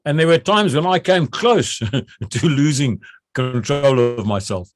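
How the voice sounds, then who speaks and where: A man's voice: mid-range voice, expressive, unhurried. Older man recalling army training. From South Africa. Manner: repeats words when starting, acts out shouted drill calls. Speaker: retired general interviewee. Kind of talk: recounting memories.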